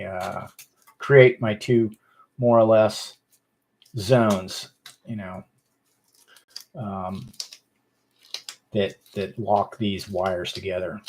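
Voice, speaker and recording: A man's voice: on the low side, a little mellow, a little hiss or hum. A man chatting casually as he sculpts, rambling with many fillers and restarts. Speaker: sculptor, channel host. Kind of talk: casual chat while sculpting.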